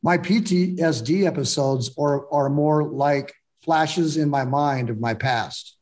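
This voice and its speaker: A man speaking reflectively in a candid, casual conversation, often pausing and restarting. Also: on the high side, a little mellow.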